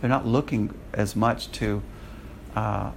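A man's voice: on the low side, steady tone, slow pace, vocal fry, a little hiss or hum. American man teaching a Bible class. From United States. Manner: conversational, checks in with the class. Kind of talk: classroom lecture.

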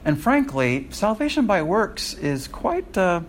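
A man's voice: sits high, sing-song, slow pace, slight background noise. An American man lecturing a Bible class in a conversational way, often checking that his students follow. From United States. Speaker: Bible teacher.

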